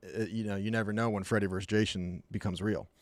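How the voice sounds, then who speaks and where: A man with a fairly low voice chats casually on his live stream, telling rambling, jokey stories. He keeps slipping into quick put-on voices for the people in them. The sound is dry and close to the mic. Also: steady tone, no echo.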